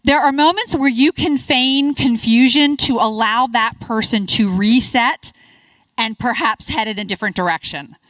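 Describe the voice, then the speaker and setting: A middle-aged woman presenting at a conference workshop, upbeat and encouraging, quick to praise the audience's answers. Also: a little high, a bit bright, no room sound. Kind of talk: interactive workshop talk.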